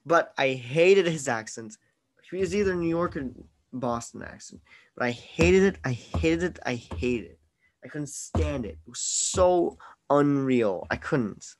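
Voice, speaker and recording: A man's voice: mid-range voice, animated, a little slow, a little hiss or hum. A man hosting a casual movie-review podcast over an online call, opinionated and teasing, with mock exasperation. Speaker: podcast host.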